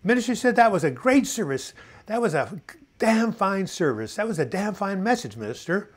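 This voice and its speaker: A man's voice: mid-range voice, sing-song, quick pace. A man voicing a blunt, swearing Texan churchgoer in boots and a big hat, inside a joke he tells. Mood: hearty.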